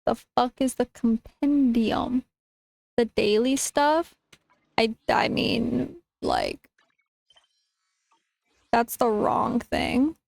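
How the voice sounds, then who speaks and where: A woman VTuber streaming a game in casual chat, dramatic, swearing a lot and bursting into shouts, her throat strained from yelling. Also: a little high, wildly swooping pitch, extremely slow, gravelly, long pauses, no room sound, rough recording.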